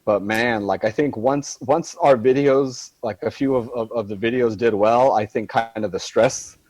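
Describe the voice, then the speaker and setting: A man's voice: mid-range voice, normal speed, darkish tone, no echo. A man guesting on a podcast, reminiscing in a rambling way with frequent laughs and trailing restarts. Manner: rambling, laughs a lot, many restarts and fillers. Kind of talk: casual chat.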